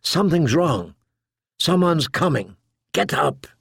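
A man's voice: a little high, sing-song, slow pace, gravelly, a bit bright, breathy edge, no room sound, clean studio sound, heavily acted. A man voicing a fierce, stubborn young girl who speaks bluntly and defiantly. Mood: urgent.

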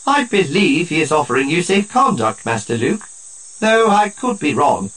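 A man's voice: fairly high pitch, very animated, moderate pace, a bit bright, pitched above the performer's own voice. A man voicing a fussy, polite protocol droid in an audiobook, in a prim and precise manner. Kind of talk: audiobook narration.

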